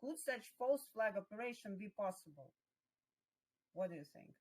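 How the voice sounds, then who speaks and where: A woman's voice: medium pitch, animated, moderate pace, poor audio. A woman reading out a viewer's question as interviewer, hesitant with many fillers.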